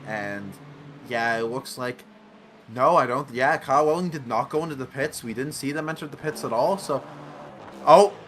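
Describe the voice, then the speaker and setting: A man commentating a sim racing league event, excitable and often correcting himself mid-sentence. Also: medium pitch, moderate pace, a little hiss or hum. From United States. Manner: excitable, self-correcting, laughs along. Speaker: race commentator.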